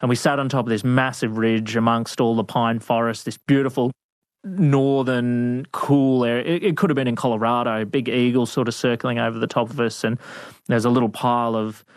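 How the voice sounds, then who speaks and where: A man, a veterinarian being interviewed, telling adventure stories in a casual, animated way with lots of laughs and fillers. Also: mid-range voice, normal speed, dry recording. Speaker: guest, veterinarian. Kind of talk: storytelling interview. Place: studio.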